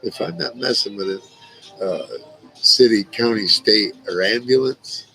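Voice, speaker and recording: A man's voice: fairly low pitch, measured pace, gravelly, pushed and bright, soft background music, rough recording. A man hosting a casual livestream, rambling through stories with lots of swearing and laughing at his own jokes. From Indiana. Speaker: livestream host. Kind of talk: casual storytelling to a live chat. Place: at home on a livestream.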